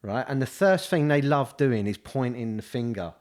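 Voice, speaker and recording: An estate agent co-hosting a relaxed podcast talks at a moderate pace in an expressive, slightly mellow mid-range voice. His studio mic picks up a rambling delivery, full of restarts and repeated "you know"s.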